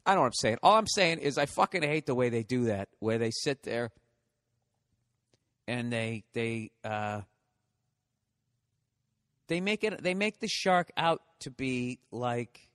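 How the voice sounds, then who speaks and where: A man's voice: mid-range voice, lively intonation, slow pace, pauses often, a bit bright, big-room sound. Profane rambling male comic. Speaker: podcast host and comedian. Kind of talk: solo comedic podcast monologue.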